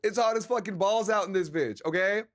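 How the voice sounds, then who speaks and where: A male streamer with a high voice chats casually while a little drunk, reading the chat aloud. He talks a bit fast and stays loose and jokey, swearing freely and slipping Spanish words in.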